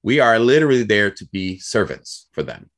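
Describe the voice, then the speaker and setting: A young American man telling a work story in a casual, animated way, acting out the people he quotes. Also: lowish voice, normal speed. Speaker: guest.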